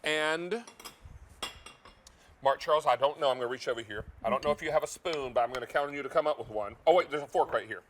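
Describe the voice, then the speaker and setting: A man's voice: mid-range voice, fast talker, fairly bright tone, a little hiss or hum. A man hosting a live TV shopping show from a studio kitchen, folksy and enthusiastic about the food. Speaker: TV shopping host. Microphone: earpiece and studio mic.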